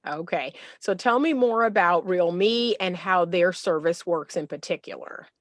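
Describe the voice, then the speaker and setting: A woman's voice: lowish voice, lively intonation, a little slow, dry recording, studio quality. A woman hosting an interview podcast as a dating coach, speaking casually and offering brief encouraging affirmations.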